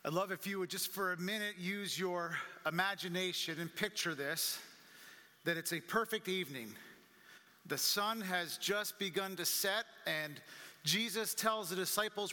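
Pastor with a high, sharp voice, vivid dramatic storyteller, echoey church hall. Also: male voice, moderate pace. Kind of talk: sermon. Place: church sanctuary.

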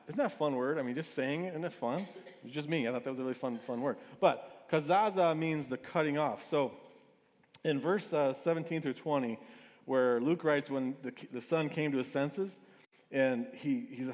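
A man with a fairly high voice preaches a sermon in an easygoing, chatty way, often circling back to restart a phrase. His voice rings out through a large hall with a long echo. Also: moderate pace, a little mellow. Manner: conversational, with frequent restarts and asides. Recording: reverberant hall.

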